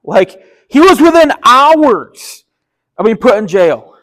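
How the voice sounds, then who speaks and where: A man's voice: very high voice, big pitch swings, slow, a bit bright, poor audio. A man preaching a casual sermon, retelling a story in a chatty, enthusiastic and slangy way. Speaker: pastor.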